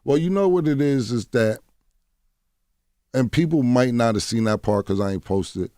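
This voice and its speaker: A man's voice: mid-range voice, normal speed, mellow, no echo, clean studio sound. A man telling stories bluntly in a radio interview, swearing freely and often asking "you know what I'm saying.". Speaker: guest. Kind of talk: candid interview storytelling. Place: radio studio. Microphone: studio mic.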